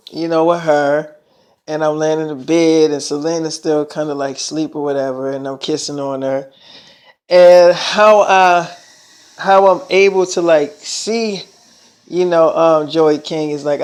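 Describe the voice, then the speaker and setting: A man's voice: on the high side, clear, resonant tone. A man telling a long story in casual talk, rambling and swearing a lot, often saying "I'm like" and "she's like". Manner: rambling, heavy profanity, repeats "I'm like, she's like".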